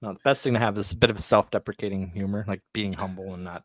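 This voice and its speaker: Low voiced guy chiming in w blunt advice on a chill talk show. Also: steady tone, quick pace, fairly bright tone. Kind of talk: casual chat.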